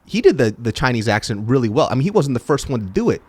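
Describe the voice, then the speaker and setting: Guest comedian: man from California, bouncy up-and-down pitch, laughs a lot, salty talk. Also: fast talker, slight background noise. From Sacramento, California. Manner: laughs often, animated and profane. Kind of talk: casual podcast chat.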